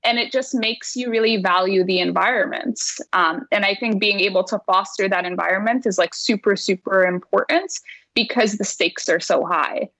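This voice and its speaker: A woman's voice: mid-range voice, normal speed, a bit bright, dry recording, rough recording. Woman teacher talking earnestly, lots of "like", laughs mid-sentence, dry sound. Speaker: math teacher. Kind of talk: casual conversation.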